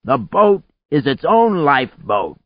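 A man voicing a calm, precise man who explains things in a raised, matter-of-fact voice. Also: medium pitch, a little slow, dry recording, muffled recording, pitched above the performer's own voice. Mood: earnest.

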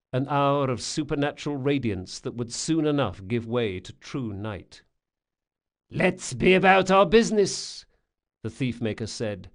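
Male audiobook narrator, mid-pitched, measured and descriptive. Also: a little mellow.

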